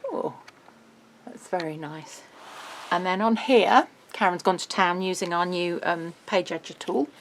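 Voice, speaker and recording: A woman's voice: fairly low pitch, a little hiss or hum. Chatty woman showing a craft album. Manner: chatty, bubbly, quick laughs. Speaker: craft shop presenter. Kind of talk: casual product walkthrough.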